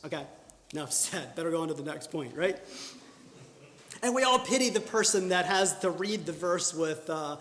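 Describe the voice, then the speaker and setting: A man's voice: on the high side, expressive, normal speed, fairly bright tone. A man giving an earnest instructional talk at church, often restarting and correcting himself, then pushing out bursts of emphasis. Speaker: church speaker teaching public speaking. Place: church hall. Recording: echoey church hall.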